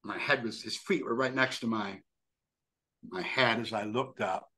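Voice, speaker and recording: An older man from New York, telling an animated, self-deprecating story as a podcast guest. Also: lowish voice, measured pace. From New York, USA. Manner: animated, acts out quoted voices, self-deprecating. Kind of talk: storytelling anecdote.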